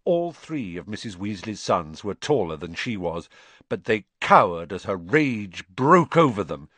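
A man narrates a fantasy audiobook with an animated, wide-ranging delivery. The recording is dry and close, with no room sound. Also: on the low side, unhurried, no echo. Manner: expressive storytelling. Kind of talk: scripted narration.

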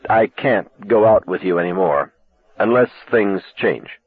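A man's voice: lowish voice, lively intonation, measured pace, breathy edge, dry recording. A man reading aloud, voicing a teenage girl who pleads on the phone, close to tears. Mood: pleading. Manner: pleading, wavering toward tears. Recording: tinny lo-fi cassette sound.

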